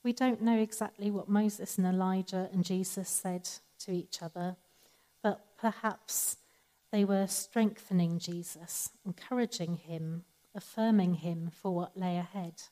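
A woman giving a sermon in a calm, measured, conversational teaching manner. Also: medium pitch, low-quality recording. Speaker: preacher.

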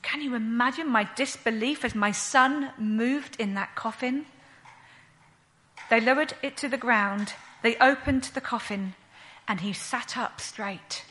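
A woman playing a grieving widowed mother, telling her story in a slow, earnest first-person monologue. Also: a little high, a bit bright. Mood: awed.

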